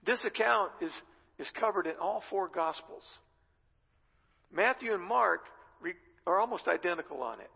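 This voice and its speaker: A man's voice: high-pitched, expressive, moderate pace, vocal fry, husky. A male pastor preaching a sermon, retelling a scripture story in his own conversational words. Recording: reverberant dull-sounding hall.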